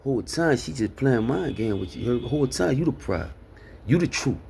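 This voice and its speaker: A man's voice: mid-range voice, animated, moderate pace, creaky, dark tone, a little hiss or hum. A man giving a casual spoken sermon of life advice, earnest and full of street slang, constantly asking "you hear me?".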